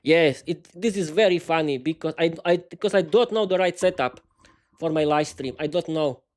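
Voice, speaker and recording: A man's voice: on the high side, moderate pace, darkish tone. Hesitant, stuttering man hosting a live stream. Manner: hesitant, stuttering, many restarts; chatty, talks to viewers while fiddling with lighting. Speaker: podcast host. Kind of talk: casual live-stream rambling. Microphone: desk microphone.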